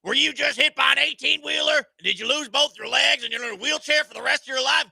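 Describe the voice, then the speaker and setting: A man voicing a loud male personal-injury lawyer from a TV ad with a booming hard sell. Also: fast, vocal fry, dry recording, studio quality, full character voice. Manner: booming, hard-selling ad pitch.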